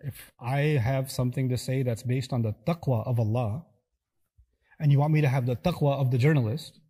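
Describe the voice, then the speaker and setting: A man giving a lecture, animated and acting out little dialogues in quoted voices. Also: mid-range voice, fairly quick, husky. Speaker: speaker giving a talk. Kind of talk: lecture on scripture.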